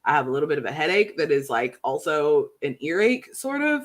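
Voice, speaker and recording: A woman's voice: sits low, very animated, a little fast. A young woman co-hosting a podcast over a video call, sniffly and congested with a cold. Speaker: podcast co-host. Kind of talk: casual chat.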